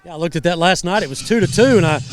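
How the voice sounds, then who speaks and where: A man commentating a high school football game live from a rainy outdoor stadium, chatty and storytelling. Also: animated, rapid-fire, over music. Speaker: sideline reporter and color commentator.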